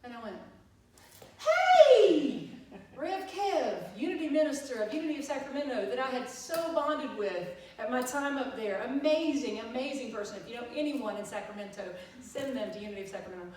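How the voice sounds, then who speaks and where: A woman minister, telling a lively story in a sermon and acting out the dialogue with laughter. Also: on the high side, fast, few pauses. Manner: animated, acts out dialogue with laughter. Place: church sanctuary. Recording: echoey hall, far from mic.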